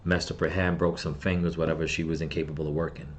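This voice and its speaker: A man's voice: extremely low pitch, little pitch movement, fast, slight background noise. A middle-aged man telling of his loss, then ranting bitterly and with heavy swearing at the people he blames. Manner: grieving, bitter, profane ranting. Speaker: channel host. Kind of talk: angry personal vlog rant.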